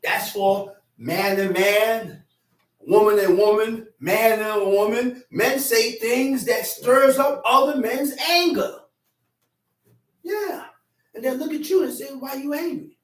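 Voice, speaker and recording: A man teaches scripture with a high, animated voice, acting out arguments and repeating lines for weight. He sounds set back from the mic in an echoey space. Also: takes it slowly, distant mic. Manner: animated, acts out quarrels with shouting; repeats phrases for emphasis. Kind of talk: street-corner Bible teaching.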